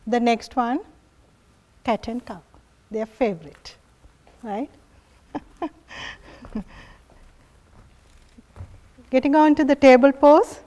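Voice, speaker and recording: Slow, gentle higher-voiced woman yoga teacher. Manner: gentle, encouraging, laughs often. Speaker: yoga instructor. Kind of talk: guiding a family yoga class.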